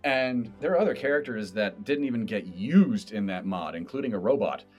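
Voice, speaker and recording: A man hosting a podcast, chatting animatedly about running games and doing character voices. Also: mid-range voice. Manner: animated, explains by demonstrating voices. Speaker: game master and podcast host. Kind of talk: casual podcast chat.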